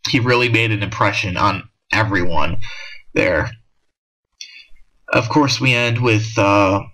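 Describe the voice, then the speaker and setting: Bright-voiced young man rambling about comics. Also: on the low side, low-quality recording. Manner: rambling, frequent restarts and fillers. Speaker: manga discussion vlogger. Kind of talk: casual spoken review.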